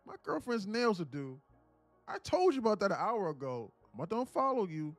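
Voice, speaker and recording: A man's voice: a little high, sing-song, fairly quick, no echo, faint music behind. A man doing an irate, broke, profane trader. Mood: indignant. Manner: profane, indignant, shouting. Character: irate broke male trader yelling at a streamer.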